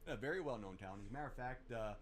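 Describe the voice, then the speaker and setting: A man's voice: medium pitch, animated, racing, slight background noise. A man co-hosting a casual chat show, rambling as he reads out a list of silly laws. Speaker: podcast co-host.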